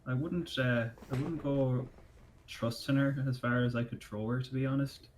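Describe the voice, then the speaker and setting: A man's voice: medium pitch, fairly even intonation, moderate pace, slight background noise, low-quality recording. Man player, wry and chatty. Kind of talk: casual game chat.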